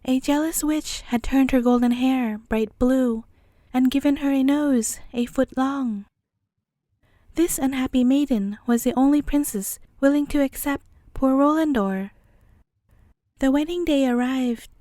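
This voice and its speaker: A woman storyteller reading a fairy tale aloud at bedtime, calm and measured. Her voice is high yet mellow, recorded close and dry. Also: dry recording.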